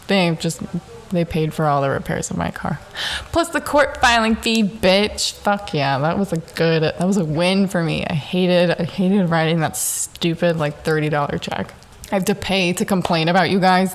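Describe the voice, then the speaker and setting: A young adult woman hosting a casual solo podcast from her home in Southern California. She tells stories in a profane, animated way and laughs often. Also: fairly low pitch, moderate pace. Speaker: podcast host.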